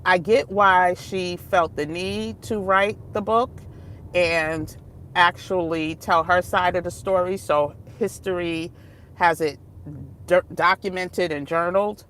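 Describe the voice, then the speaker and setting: Woman vlogger, casual chat, unhurried, digressive, laughs often. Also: fairly low pitch, fairly bright tone, slight background noise. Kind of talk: casual vlog talk. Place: outdoors, moving between places.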